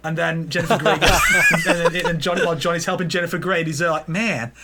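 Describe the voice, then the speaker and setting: A man's voice: on the high side, fairly even intonation, fast, background noise. A man co-hosting a casual gaming podcast, rambling through silly movie scenarios and acting out the characters in goofy voices. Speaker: podcast co-host.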